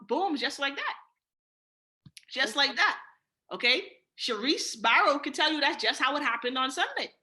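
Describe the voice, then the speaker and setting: A woman from the Bahamas with a Bahamian accent, leading a sales training call in an energetic, casual coaching manner and acting out sales dialogue. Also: high voice. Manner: casual slang, many fillers. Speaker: sales team leader and trainer.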